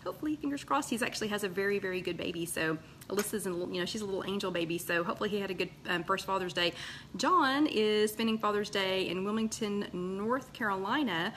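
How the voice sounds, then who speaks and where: A woman's voice: medium pitch, fast talker, a bit bright, a little hiss or hum. A woman hosting a casual live stream, chatting and greeting viewers by name with plenty of fillers. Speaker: host of a live weight-loss chat.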